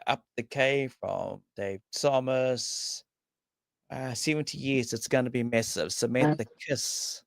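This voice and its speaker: A man's voice: medium pitch, slow, creaky, no room sound, studio quality. A man hosting a casual speedway chat show, upbeat and jokey, rattling off greetings to viewers. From New Zealand. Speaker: podcast host. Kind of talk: casual chat with live viewer shout-outs.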